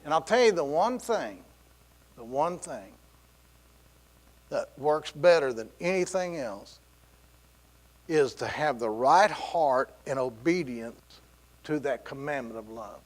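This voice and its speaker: A man's voice: medium pitch, lively intonation, slow, long pauses. A middle-aged man preaching a sermon in a church, telling stories with laughs and quoted voices. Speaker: pastor. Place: church sanctuary.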